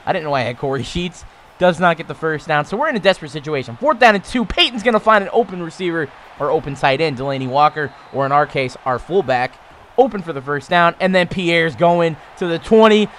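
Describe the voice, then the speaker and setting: A man in his twenties casually commentating on his own football video game, getting louder and higher on big plays. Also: expressive, a little fast, a little hiss or hum. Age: 20s. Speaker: gaming YouTuber.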